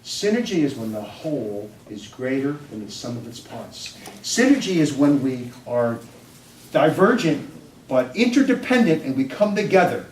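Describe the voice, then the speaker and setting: A man, a psychology professor, giving an animated storytelling lecture to an audience, swinging between loud bursts and quiet asides. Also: medium pitch, normal speed, slight background noise. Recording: roomy hall, distant microphone.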